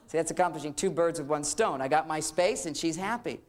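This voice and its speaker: A man's voice: a little high, a little fast, few pauses. A man giving a humorous seminar talk on relationships, joking and acting out quoted couples as he goes. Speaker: relationship lecturer.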